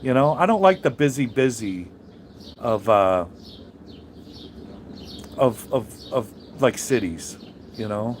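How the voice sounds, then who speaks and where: A man's voice: medium pitch, lively intonation, slow, long pauses, slight background noise. A man who drives trucks, chatting casually on a live stream and answering viewers, blunt and profane, rambling with many restarts.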